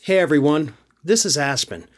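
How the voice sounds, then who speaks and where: A man voicing a grumpy character in a gruff, deadpan way. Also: on the high side, normal speed, voice pushed down, natural voice. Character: grumpy character named Aspen.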